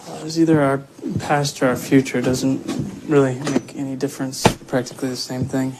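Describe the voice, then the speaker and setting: A man's voice: mid-range voice, little pitch movement, a little fast, lightly acted. Brief: actor as a weary, exasperated man, dry delivery, noisy soundtrack.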